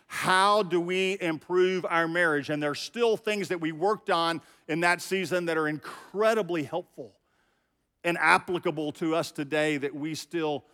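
A man's voice: high voice, sharp tone, big-room sound. A middle-aged man preaching a sermon as pastor, talking conversationally and directly to his congregation. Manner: conversational, talks straight to the congregation.

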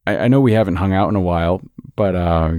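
A man's voice: low voice, dark tone, clean tone, no room sound, clean studio sound, close to an everyday voice. A man voicing a nervous teenage boy who stammers and halts. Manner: stammering, halting.

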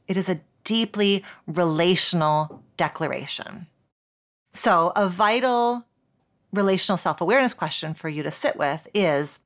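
A woman, a couples therapist hosting a podcast, teaching in a reflective way with soft laughs and spoken examples. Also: fairly low pitch.

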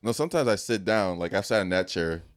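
A young man in casual podcast chat, relaxed and laughing, asking his co-host questions. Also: sits low, fast.

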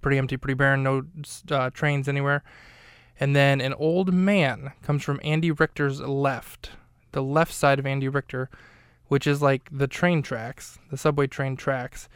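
A man's voice: mid-range voice, little pitch movement, moderate pace, clean tone, no room sound. A man hosting a podcast, casually recapping a film scene in a rambling, talkative way, with lots of fillers and self-corrections, close to a studio mic. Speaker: podcast host.

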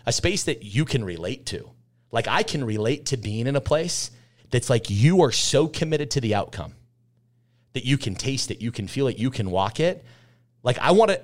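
Guy in his 30s guesting on a podcast, intense and emphatic, keeps repeating lines for punch, middle pitch. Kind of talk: candid conversational storytelling.

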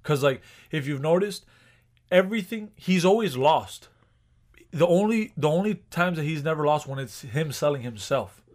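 A man's voice: fairly high pitch, expressive, normal speed, darkish tone. A man co-hosting a podcast in casual chat, rambling with restarts and swearing. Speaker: podcast co-host.

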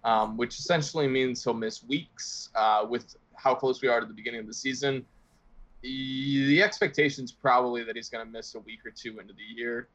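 A man's voice: medium pitch, fairly even intonation, moderate pace, fairly bright tone. A man co-hosting a casual sports podcast, teasing his friends and then giving football news matter-of-factly. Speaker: podcast co-host.

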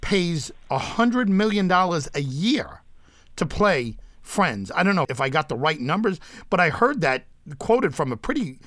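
A man hosting an interview, chatting casually with quick, enthusiastic interjections. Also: a little high, very animated, a bit bright, dry recording. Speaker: interview host.

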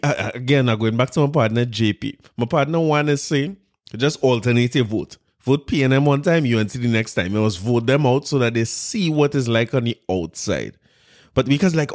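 Laughing, mocking Trinidadian commentator. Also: male voice, a little high, darkish tone. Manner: mocking, laughs often, repeats words. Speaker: political commentator, host. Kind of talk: casual political commentary.

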